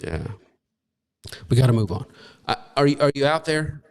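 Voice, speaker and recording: A man's voice: mid-range voice, sing-song, normal speed, darkish tone, smooth, in a large hall. A male pastor preaching a sermon, emphatic and conversational, firing off rhetorical questions to his listeners.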